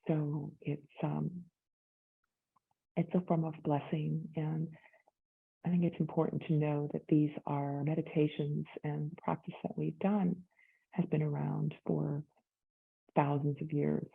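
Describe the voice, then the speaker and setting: Woman leading a yoga meditation, slow and gravelly, sounds like it's over a phone line. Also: low voice, little pitch movement. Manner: slow, gentle, inviting. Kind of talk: guided meditation instruction.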